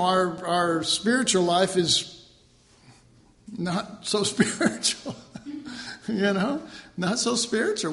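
A man with a fairly high voice preaches a loose, conversational sermon at an unhurried pace. He restarts his phrases, adds joking asides and acts out little mock quotes, and his voice rings in an echoey church room. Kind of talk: informal sermon.

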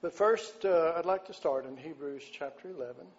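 A man preaching a sermon, folksy and unhurried, often clearing his throat. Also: fairly high pitch. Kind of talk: sermon with an opening joke. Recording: dull lo-fi sound with faint background noise.

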